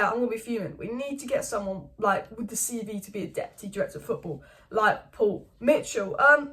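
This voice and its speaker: A young woman hosting a casual football news vlog, giving opinionated, animated takes and firing off rhetorical questions. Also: on the high side. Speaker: football channel host.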